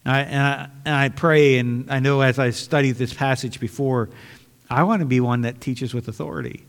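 A man's voice: mid-range voice, steady tone, normal speed, big-room sound. A man preaching a sermon as pastor, earnest and conversational, often restarting his sentences.

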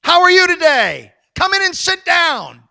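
A fawning bank lady, put on by a preacher, all sugary welcome. The voice jumps high and loud above his usual talk. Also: big pitch swings, a little slow, creaky, exaggerated voice. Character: gushing female bank clerk.

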